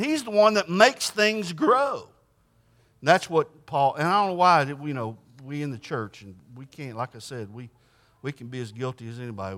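Bright high-voiced male preacher. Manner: folksy, emphatic, with frequent restarts. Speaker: pastor. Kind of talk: conversational sermon with scripture reading.

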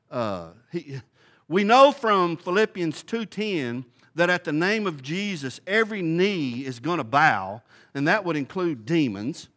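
Man, Bible study teacher, folksy, thinking aloud, high voice. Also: a bit bright.

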